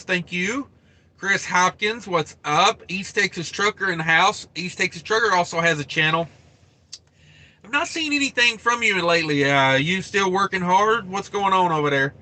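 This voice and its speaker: Male livestream host, trucker, loose rambling chat, bright slightly high voice. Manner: rambling, thinks aloud, reads viewer names.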